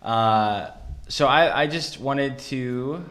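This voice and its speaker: A man's voice: medium pitch, very slow, fairly bright tone. A man hosting a casual interview, reading viewer questions in a loose, joking way and stumbling over words now and then. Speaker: host.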